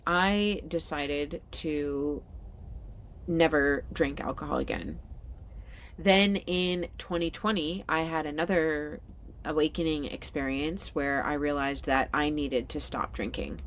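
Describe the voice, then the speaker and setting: A low-pitched woman in her thirties talks alone into the mic for her podcast. She speaks candidly and with feeling, and she laughs often as she goes. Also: a little hiss or hum. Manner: slow soothing guided meditation. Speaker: podcast host. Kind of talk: solo podcast monologue.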